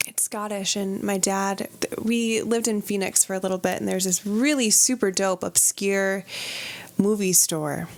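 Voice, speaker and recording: A woman's voice: medium pitch, steady tone, a little slow. Laid-back woman podcast guest. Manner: laid-back, chatty storytelling. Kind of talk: casual conversation.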